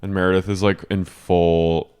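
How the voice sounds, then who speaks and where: A man's voice: sits low, level tone, moderate pace, darkish tone, clean tone. A man co-hosting a podcast, chatting casually and recapping a show with lots of fillers and quoted lines. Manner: chatty, with frequent fillers and quoting. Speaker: podcast co-host.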